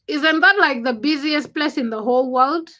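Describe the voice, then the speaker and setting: High-voiced Ugandan woman livestreamer. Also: moderate pace, sharp tone. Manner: chatty, greets viewers by name, self-mocking. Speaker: livestream host. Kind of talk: casual livestream chat.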